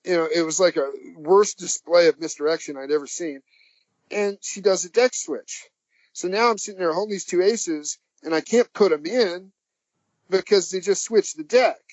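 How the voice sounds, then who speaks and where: A man on a podcast as the guest, telling a long anecdote in a rambling, halting way, chuckling as he goes. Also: sits high, no echo. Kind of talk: anecdotal storytelling. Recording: dull, dry lo-fi audio.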